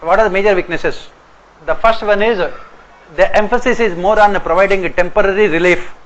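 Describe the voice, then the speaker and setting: Indian English male lecturer, slightly high, dictating exam points with deliberate repetition; dull lo-fi recording. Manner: repeats each point slowly for note-taking. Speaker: exam coaching teacher.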